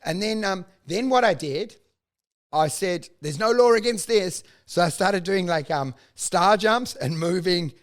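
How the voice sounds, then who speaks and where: A man's voice: sits high, a little slow. A man telling a story in casual chat, acting out each line he quotes. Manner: animated anecdote teller, acts out quotes.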